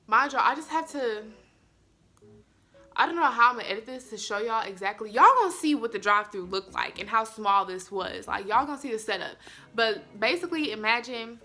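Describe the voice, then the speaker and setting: A young woman, telling viewers a story in an animated, chatty way. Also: medium pitch. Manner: animated, addresses viewers as y'all. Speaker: vlogger. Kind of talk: storytime vlog.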